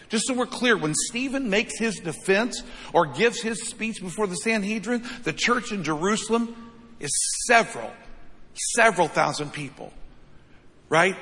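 A man's voice: high-pitched, sharp tone. A man preaching a sermon as pastor, with an emphatic delivery that repeats phrases and keeps asking "right?". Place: church sanctuary. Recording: long reverb of a large hall.

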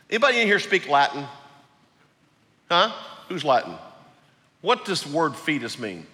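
A man preaching a sermon as pastor, emphatic, swinging between loud peaks and quiet low lines. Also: sing-song, moderate pace, long pauses. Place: large church hall. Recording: long hall reverb.

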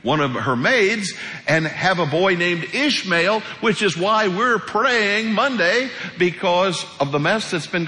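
Animated male pastor preaching in an echoey hall. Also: fairly high pitch. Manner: animated, colloquial preaching, acts out quoted voices. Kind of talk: sermon.

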